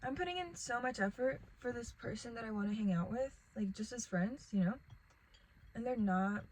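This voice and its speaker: Rambling young woman, slightly high voice. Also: normal speed, a little mellow, poor audio. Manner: rambling, filler-heavy, lots of "like". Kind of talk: casual chatty storytime vlog.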